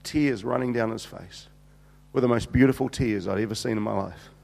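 A middle-aged man preaching and telling a story in an animated way, repeating words and acting out the dialogue. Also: mid-range voice, moderate pace, gravelly. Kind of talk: sermon storytelling. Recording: long hall reverb.

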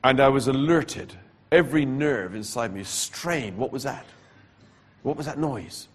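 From the pulpit, a preacher shares his personal testimony in a husky, slightly rough, mid-range voice. He speaks slowly and deliberately, letting pauses carry the story's weight. He coughs repeatedly, and the frequent coughs interrupt him.

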